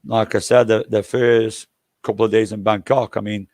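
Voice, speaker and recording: A man's voice: fairly low pitch, level tone, normal speed, a little mellow, dry recording, clean studio sound. An older man hosting a livestream, telling rambling, jokey anecdotes and swearing freely. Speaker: livestream host.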